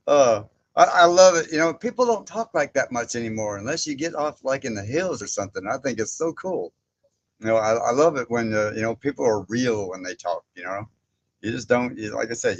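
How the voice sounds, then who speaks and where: A man's voice: mid-range voice, fairly bright tone. Chatty man on a livestream. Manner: rambling, chuckles often, reads chat names aloud. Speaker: livestream host. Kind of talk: casual livestream chat. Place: indoor barn workspace.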